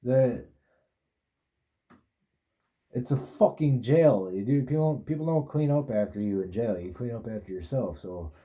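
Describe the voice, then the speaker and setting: A man's voice: mid-range voice, animated, unhurried, pauses often, mellow. A male podcast host telling a casual, rambling, profane story in a laid-back way.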